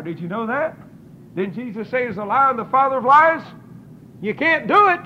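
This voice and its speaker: A man preaching a fiery, folksy revival sermon, breaking into shouts and laughter and acting out voices. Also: extremely high pitch, lively intonation, moderate pace. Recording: dull lo-fi sermon recording with faint noise.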